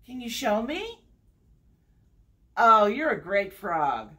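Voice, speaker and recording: Woman, children's librarian, story-time reader; fairly high, very lively pitch, slow and sing-song, coaxes kids to join in. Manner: asks children to join in with animal sounds. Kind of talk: online storytime read-aloud.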